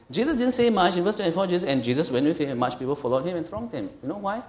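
A man's voice: sits high, expressive, racing, few pauses. A middle-aged man preaching a sermon as a pastor, conversational and emphatic, often checking in with his listeners. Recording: echoey room.

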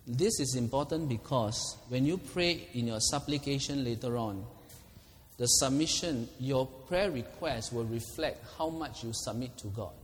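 Preacher in a reverberant hall. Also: male voice, mid-range voice, a little hiss or hum. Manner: lively, laughing often, acting out quoted prayers. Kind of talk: sermon.

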